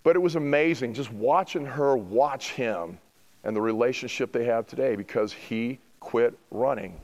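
A middle-aged male pastor preaching a sermon, building to emphatic rhetorical questions and then easing into softer, reflective passages. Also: medium pitch, moderate pace, in a large hall, rough recording.

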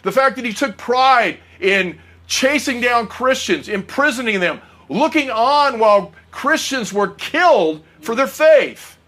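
A man's voice: very high voice, expressive, measured pace, hardly any pauses, bright, forceful tone. A middle-aged man preaching a sermon, earnest and personal, often asking the congregation questions.

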